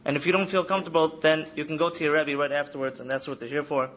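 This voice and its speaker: A man in his thirties gives an earnest lecture to students, a slightly higher voice and key phrases said again and again. The recording sounds dull and lo-fi, a faint hiss behind him. He seems to be speaking in a study hall. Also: flat delivery, quick pace, a bit bright. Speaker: trauma counselor speaking to yeshiva students. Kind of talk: lecture to an audience.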